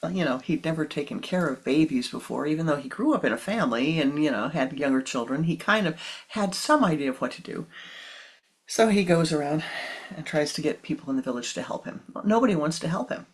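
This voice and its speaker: A spiritual teacher giving a sermon and telling a story slowly and softly, at times in a whisper. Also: mid-range voice, expressive, rough recording. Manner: slow, soft, partly whispered.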